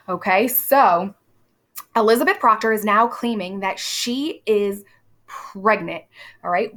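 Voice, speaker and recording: Woman teacher going over a play, chatty and quizzy, bit of vocal fry. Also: a little high, fairly bright tone. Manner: conversational, with quick asides and quizzing questions; reads quoted lines aloud in a plain voice. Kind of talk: recorded classroom lesson walking through a play.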